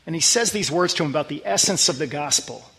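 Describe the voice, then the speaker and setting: A man preaching a sermon as pastor, talking conversationally and earnestly, dropping low and quiet on scripture verses. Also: expressive, fast, slightly rough, in a large hall.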